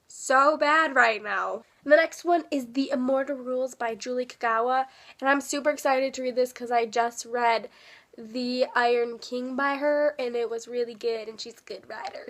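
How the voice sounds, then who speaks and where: Young woman, high-pitched, sick, bubbly, self-deprecating, whispers asides, casual chat. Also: fairly bright tone. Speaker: book vlogger. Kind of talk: casual book haul chat.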